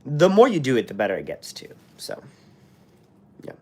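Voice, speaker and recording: Hosting a live stream, this young man from the United States rambles while reading comments, full of fillers and restarts. His husky, dark, medium-pitched voice swings hugely in pitch at a normal speed, and his throat is sore and scratchy from being sick.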